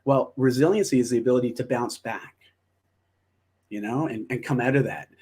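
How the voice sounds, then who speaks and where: A man's voice: medium pitch, fairly quick, darkish tone, slightly rough. A man speaking as an interview guest, reflective and encouraging, often restarting his phrases. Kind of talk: casual interview chat.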